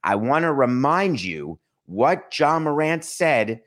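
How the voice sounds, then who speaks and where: A man hosting a sports podcast, talking in a dry, mocking tone with deliberate pauses for emphasis. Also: medium pitch, big pitch swings, a bit bright. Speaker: podcast host. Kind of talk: sarcastic sports commentary.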